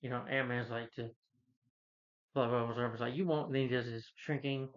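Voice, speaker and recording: A man casually recapping a film as a reviewer, rambling with many fillers and quick quoted character lines. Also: medium pitch, flat delivery, lo-fi sound. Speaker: movie reviewer.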